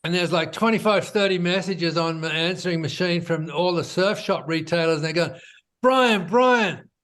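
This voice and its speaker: Man, fairly high-pitched, relaxed conversational storytelling, interview guest. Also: a little fast. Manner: relaxed, conversational, peppered with "you know" and "right?". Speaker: business founder guest.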